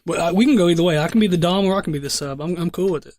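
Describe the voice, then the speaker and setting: A man's voice: high-pitched, rapid-fire, a little mellow. A young man hosting a podcast, telling a long story in a casual, rambling way full of profanity and restarts. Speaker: podcast host.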